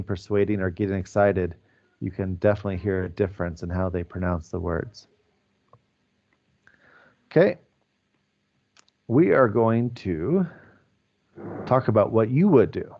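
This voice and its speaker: A man teaching English to an online class, explaining slowly and deliberately over a video call. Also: lowish voice. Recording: dull lo-fi online call audio.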